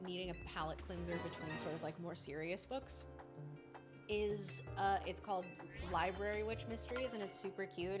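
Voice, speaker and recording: A young woman streamer casually chatting and answering her chat while she plays a game. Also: fairly low pitch. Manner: does silly voices and mimicry. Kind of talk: casual gaming livestream chat. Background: game music.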